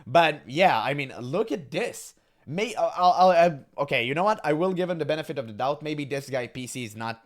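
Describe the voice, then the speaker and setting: Scornful ranting man with lively pitch. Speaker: reaction commentator. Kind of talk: casual reaction commentary.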